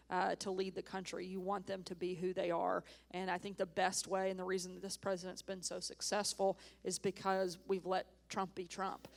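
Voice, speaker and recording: Woman, 30s, former press secretary in a stage interview; flat, measured delivery, earnest. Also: medium pitch, gravelly. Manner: earnest, emphatic, even-toned. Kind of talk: onstage interview. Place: conference stage.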